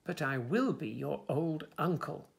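A man voicing a kindly old uncle in a children's storybook, mild and gentle. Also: on the high side, unhurried, vocal fry.

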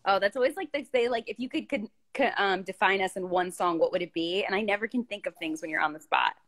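A woman's voice: mid-range voice, fast talker, fairly bright tone. A woman hosting a casual phone live stream, bubbly and teasing as she reads viewer questions.

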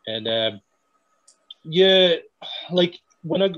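Brief: young wrestler from Scotland, hesitant storyteller, dull lo-fi sound. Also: male voice, a little high, lively intonation, a bit bright, dry recording. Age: young adult. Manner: halting, many fillers and restarts, laughs while telling. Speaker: wrestler guest. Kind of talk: casual interview storytelling.

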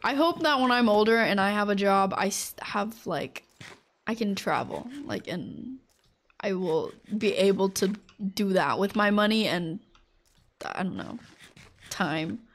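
A woman's voice: medium pitch, expressive, unhurried. A woman streaming a game live, chatting casually and rambling, with lots of fillers and frequent laughter. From United States.

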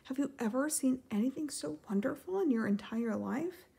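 A woman voicing an adventurous, cheerful young mermaid girl in a storybook reading, higher and brighter than her narration. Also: expressive, moderate pace, creaky, breathy edge, full character voice. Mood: excited.

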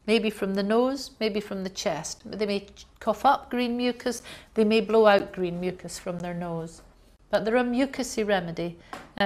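Female lecturer, mid pitch, explanatory, acts out coughs. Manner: explanatory, acts out coughs and gasps, uses fillers. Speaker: homeopathy lecturer. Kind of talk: recorded lecture.

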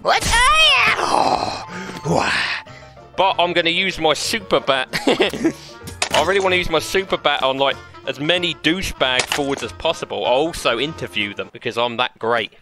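A man's voice: fairly high pitch, moderate pace, over music. A man giving mischievous, playful commentary on a VR game while he plays, laughing often. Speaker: game streamer.

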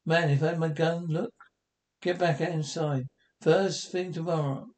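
Sneering, menacing husband read by a man, somewhat high voice, script reading. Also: steady tone, a little slow, a little mellow, lightly acted. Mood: gruff. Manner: mocking, menacing. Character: bullying sneering middle-aged husband.

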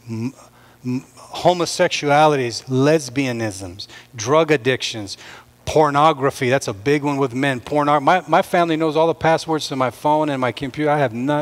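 High-voiced man preaching with rising fervor. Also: big-room sound. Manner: impassioned preaching, rising and pressing. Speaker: pastor. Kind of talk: sermon.

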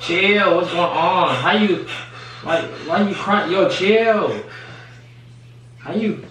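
Calm questioning man in an echoey room. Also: high-pitched, slow, recorded from a distance, a little hiss or hum. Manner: calm, questioning, tells her to chill. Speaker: boyfriend being pranked. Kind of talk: casual conversation. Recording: very echoey room, away from the mic.

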